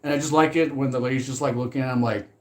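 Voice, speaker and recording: Rambling, animated man chatting casually. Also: medium pitch, racing. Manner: rambling and animated, swears freely, laughs often. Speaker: movie commentary vlogger. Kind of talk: casual chat.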